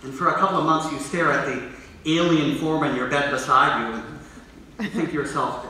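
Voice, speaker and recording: A man's voice: fairly high pitch, steady tone, a little fast, pushed and bright. A man playing a wistful middle-aged narrator in an amateur stage musical, musing aloud and confiding in the audience. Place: school theatre stage. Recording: echoey theatre from far off.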